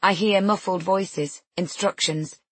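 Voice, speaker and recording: Audiobook narrator, woman, lowish husky voice, dry close sound. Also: steady tone, unhurried, dry recording. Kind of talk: scripted first-person narration.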